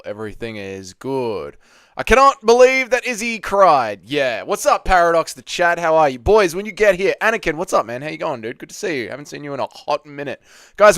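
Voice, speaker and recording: A man's voice: on the high side, a bit bright, smooth, no echo, clean studio sound. A young Australian man hosting a casual livestream, chatty, greeting viewers by name and swearing freely. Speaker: livestream host. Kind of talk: casual live chat reading viewer comments.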